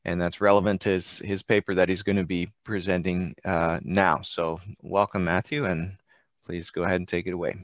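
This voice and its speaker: A moderator introduces the next presenter in a relaxed way, pausing on fillers. His voice is very low. The sound is dry, with no room echo. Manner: casual and friendly, with hesitant fillers. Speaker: conference moderator. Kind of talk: introducing a speaker.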